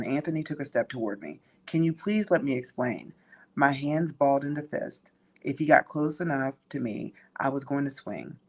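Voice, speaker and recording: A man reads a novel excerpt aloud in an even, steady voice. His pitch sits in the middle range for a man.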